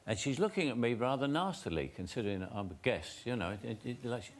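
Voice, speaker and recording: A man's voice: mid-range voice, lively intonation, fast talker. An older man, a talk show guest telling funny stories with dry punchlines and easy chuckles. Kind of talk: anecdotal storytelling. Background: audience laughter.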